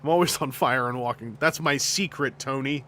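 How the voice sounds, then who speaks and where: A man's voice: mid-range voice, fairly quick, pushed and bright, a little hiss or hum. A man chatting casually on his stream, rambling and jokey, often laughing and restarting his sentences. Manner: rambling and jokey, with frequent restarts, laughter and silly put-on voices.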